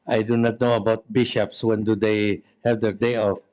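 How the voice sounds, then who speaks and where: A man's voice: on the low side, flat delivery, normal speed, a little mellow, muffled recording. A man with a Filipino accent, a priest giving a storytelling talk with self-mocking humor.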